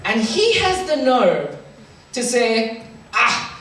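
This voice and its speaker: A man from India, doing an animated stand-up comedy set before a live audience. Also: sits high, unhurried. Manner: animated, shifts into mock German voices for punchlines. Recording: echoey hall mic from far off, crowd laughter and hum.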